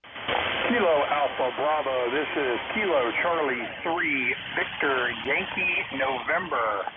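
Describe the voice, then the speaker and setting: A man's voice: a little high, expressive, slow. A man from Pennsylvania calling in on ham radio, giving easygoing, brief replies. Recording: tinny shortwave radio with loud static.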